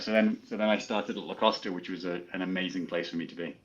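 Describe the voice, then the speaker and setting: A man's voice: low voice, fairly even intonation, fast talker, dull audio. A man raised in England, a golf coach, telling stories in a casual interview and laughing as he goes.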